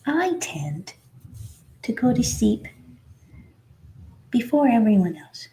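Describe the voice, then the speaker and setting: A woman voicing a calm little male Labrador puppy in a soft whispered role-play. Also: a little high, slow pace, full character voice. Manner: soft, gentle, speaking for the puppy.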